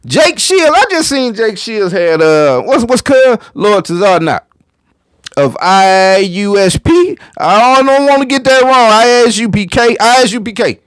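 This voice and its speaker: A man's voice: sits high, animated, a little slow, fairly bright tone, smooth, dry recording. A man hosting a reaction video, commenting casually on a clip in a slangy, profane way.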